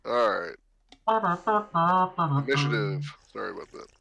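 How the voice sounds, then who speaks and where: A man's voice: on the low side, lively intonation, unhurried, creaky, a bit bright, husky. A man playing in a tabletop game, chatting casually and joking with the group. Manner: jokey, laughs often. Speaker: player.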